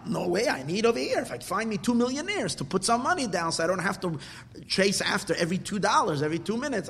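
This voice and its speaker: High, animated man teaching Torah. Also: vocal fry, long reverb tail, slight background noise. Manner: mixes Hebrew and Yiddish terms into English, emotional, swings from quiet to loud. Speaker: rabbi teaching a class. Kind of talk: Torah class.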